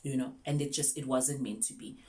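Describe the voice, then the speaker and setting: A woman's voice: very deep voice, steady tone, a little fast, a little mellow. A woman who teaches English online gives chatty advice at her desk in a sunlit room, switching languages mid-sentence. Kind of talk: casual advice vlog.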